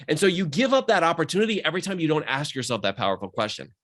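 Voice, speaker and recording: Fast-talking motivational male coach. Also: a little high, animated, fairly bright tone. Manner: fast, earnest and motivational, rising with emphasis. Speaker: mindset coach. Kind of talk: conversational podcast talk.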